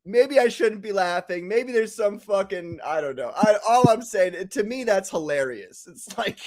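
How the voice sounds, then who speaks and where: A man's voice: sits high, lively intonation, moderate pace, darkish tone. A man from the United States hosting a casual livestream chat, ranting profanely and laughing often. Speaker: podcast host.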